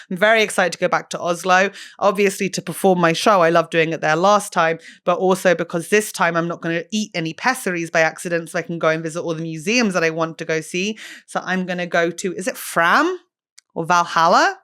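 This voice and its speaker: A young woman hosting a comedy podcast, chatting in an animated, self-mocking way and swearing freely. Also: fairly low pitch, fairly quick, clean tone. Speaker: podcast host. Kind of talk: casual comedic chat.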